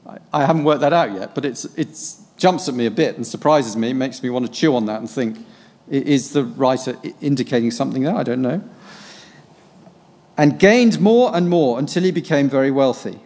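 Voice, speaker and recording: A man's voice: mid-range voice, a little mellow. Musing man in a reverberant hall. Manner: reads scripture aloud, then muses on it with pauses and fillers. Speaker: preacher preparing a sermon. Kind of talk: thinking aloud through a Bible passage.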